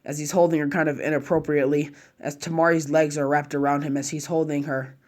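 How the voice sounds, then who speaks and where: Casual fan-story narrator, rambling "as" clauses. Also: male voice, a little high, level tone, fast talker, a little mellow. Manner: chains clauses with "as", casual slang and fillers.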